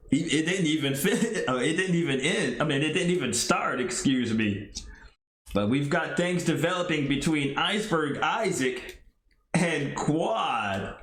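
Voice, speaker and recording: A man narrating a tabletop wrestling game play-by-play, excitable and chuckling along. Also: on the high side, echoey room.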